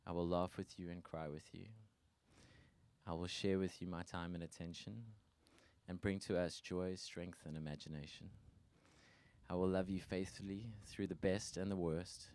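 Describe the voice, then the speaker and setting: A man reading his wedding vows as the groom, halting and laughing between lines. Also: low-pitched, little pitch movement, a little mellow.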